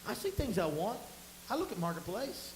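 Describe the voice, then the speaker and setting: Pastor, high voice, folksy sermon, booming room with faint hiss. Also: male voice, very animated, moderate pace, echoey room, poor audio. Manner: folksy storytelling, rising to emphatic bursts. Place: church sanctuary.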